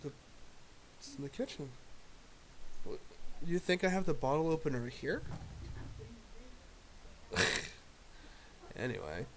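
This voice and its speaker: A man's voice: a little high, sing-song, slow, long pauses, slight background noise. Laid-back, swearing male streamer. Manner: loose, profane, rambling. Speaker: live streamer. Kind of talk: casual storytelling chat.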